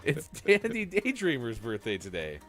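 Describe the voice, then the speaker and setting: Lively, joking male morning show host. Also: mid-range voice, normal speed. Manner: lively, joking, rambling delivery. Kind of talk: casual live-stream radio chat.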